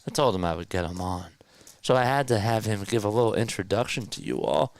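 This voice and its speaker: A man's voice: lowish voice, lively intonation, fairly quick. A man hosting a casual sports livestream, chatting loosely and reading viewer comments aloud from a home streaming setup. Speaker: play-by-play livestream host. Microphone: podcast mixer setup.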